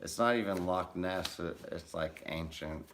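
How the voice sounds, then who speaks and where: A man's voice: low-pitched, unhurried, fairly bright tone. A man who is a guest, chatting in a laid-back, agreeable way. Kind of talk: casual chat.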